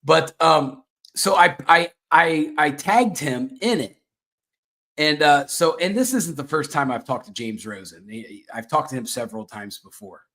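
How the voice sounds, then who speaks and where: A man's voice: a little high, animated, unhurried, bright, forceful tone. Rambling man hosting a chat show. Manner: rambling, filler-heavy and self-mocking. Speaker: show host.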